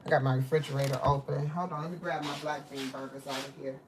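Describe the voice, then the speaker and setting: A woman with a low voice chats to her viewers while she cooks in her home kitchen, calling them "baby" and "y'all". She talks loosely and personally as she moves around the room. A faint hiss sits under the recording. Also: steady tone, fast. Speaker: livestream host. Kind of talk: casual live cooking chat.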